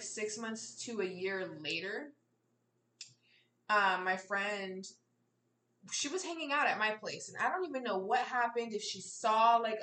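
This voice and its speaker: A woman's voice: medium pitch, pushed and bright, roomy sound, distant mic. A young adult woman telling candid, profane stories in casual chat, often laughing. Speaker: podcast co-host.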